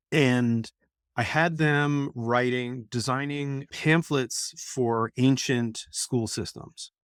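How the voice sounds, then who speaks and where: A middle-aged education professor with a medium-pitched voice speaks bluntly and candidly as a guest in a casual conversational interview, telling stories from his classes. The recording is studio quality, with no room sound.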